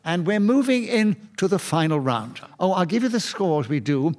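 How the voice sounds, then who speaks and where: A man chairing a radio panel game before a live audience, briskly ruling on challenges. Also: high-pitched, expressive. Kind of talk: radio panel show hosting.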